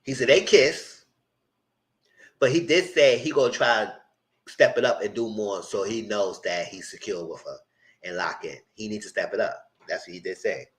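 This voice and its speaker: A man giving a casual, animated live recap of a reality show, full of quoted asides. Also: lowish voice, moderate pace, rough recording.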